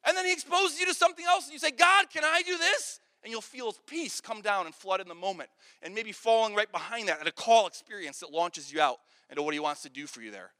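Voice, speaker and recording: A man with a very high, bright voice preaches a sermon earnestly, repeating words when he gets going. His voice echoes with long reverb through a large hall. The preaching carries the feel of a story. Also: animated, quick pace, few pauses. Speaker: pastor.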